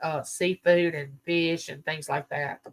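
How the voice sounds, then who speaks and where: This Southern-accented host has a deep voice, fairly even intonation, and a measured pace. She chats casually on a livestream, telling viewers long, wandering stories.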